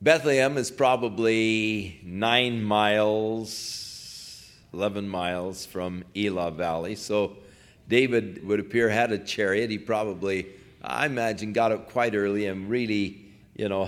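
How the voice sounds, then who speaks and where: In an unhurried, fairly low voice, a man preaches a sermon, retelling a Bible story with folksy animation and blending scripture with casual paraphrase.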